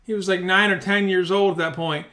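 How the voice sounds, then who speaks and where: Man, profane, rambling, animated storyteller, bright tone, home mic. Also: sits high, a little fast. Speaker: storyteller vlogger. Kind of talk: casual storytelling. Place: indoors at home, bedroom. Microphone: studio mic.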